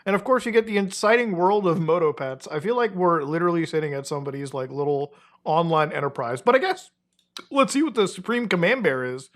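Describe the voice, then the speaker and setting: A man's voice: a little high, expressive, brisk, fairly bright tone. A man hosting internet commentary in a casual, slangy way, with frequent swearing and offhand asides.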